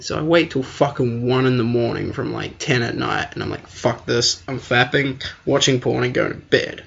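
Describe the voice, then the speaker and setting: A man's voice: medium pitch, fairly even intonation, moderate pace, creaky, fairly bright tone. A young man, ranting crudely and mocking himself as he tells a story. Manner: profane, self-deprecating, ranting. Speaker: podcast co-host. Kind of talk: crude comedic rant. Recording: dull lo-fi recording.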